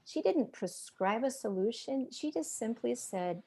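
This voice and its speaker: A woman's voice: a little high, lively intonation, measured pace, hardly any pauses, dark tone. A woman, around her fifties, giving a personal testimony as an interview guest, earnest and emotional as she tells it and acts out the voices she quotes.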